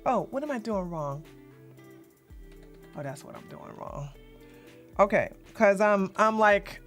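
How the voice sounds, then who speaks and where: A woman's voice: medium pitch, lively intonation, slow, faint music behind. A woman hosting a casual livestream, rambling and flustered as she fixes her setup while talking bluntly and sassily to her chat. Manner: blunt and sassy, mild cursing. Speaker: livestream host.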